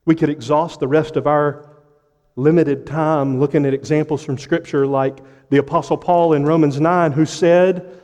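High-voiced preacher in a reverberant hall. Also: male voice, steady tone. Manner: impassioned preaching with dramatic pauses and sudden drops to a hush. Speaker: pastor. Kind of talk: sermon.

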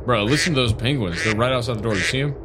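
A man co-hosting a podcast, rambling through a deadpan mock eulogy and swearing casually. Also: medium pitch, very fast, background noise. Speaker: podcast co-host. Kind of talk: improvised comedic bit.

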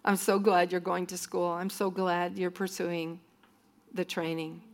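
A woman's voice: fairly low pitch, level tone, a little slow. A woman minister telling stories in a sermon-style talk to a church group, often acting out what other people said. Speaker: minister speaking to students.

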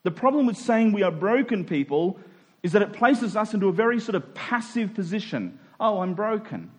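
A male pastor preaching a sermon, emphatic, slowing down to stress key words. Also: high voice, lively intonation, breathy edge.

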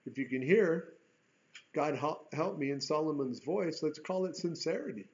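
A man's voice: on the high side, lively intonation, moderate pace, dull audio. A man preaching a sermon, earnest, repeating words and rising into emphatic bursts. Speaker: pastor.

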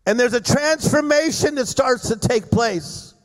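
A middle-aged male preacher with a strikingly high voice, rallying the crowd with call-and-response at a church service. His words ring out in a long, echoing hall. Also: a little slow. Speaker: guest preacher. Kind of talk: sermon. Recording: echoey hall reverb.

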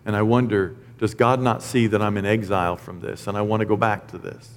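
Earnest preaching man, low voice. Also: steady tone, brisk, few pauses, in a large hall. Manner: earnest, emotional, conversational preaching with acted asides. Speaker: pastor. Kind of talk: sermon. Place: church sanctuary.

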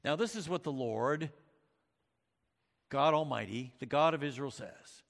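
A man's voice: a little high, expressive, measured pace, gravelly, pauses often, in a large hall. A male pastor preaching a sermon, reading scripture and retelling stories with dramatic emphasis, with occasional fillers. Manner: uses fillers like uh and um.

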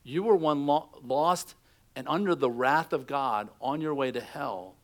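A man's voice: mid-range voice, measured pace. A middle-aged man preaching a sermon, telling stories and acting out quotes in a conversational way. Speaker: pastor.

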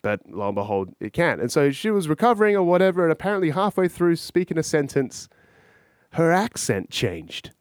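Male podcast host, casual profane rambler, lively swooping pitch, dry close sound. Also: brisk, dry recording. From Australia. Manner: rambling, profane, musing aloud to listeners.

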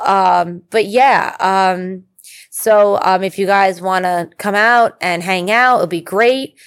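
A woman hosting her podcast, rambling casually through the sign-off in a chatty, easygoing way. Her voice sits at an ordinary middle pitch. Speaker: podcast host.

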